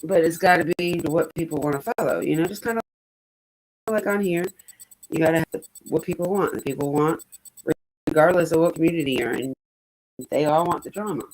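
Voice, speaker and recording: Low-voiced chatty woman. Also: fairly quick, pauses often, darkish tone, poor audio. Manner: chatty, rambling, swears casually. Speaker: streamer. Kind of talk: casual chat.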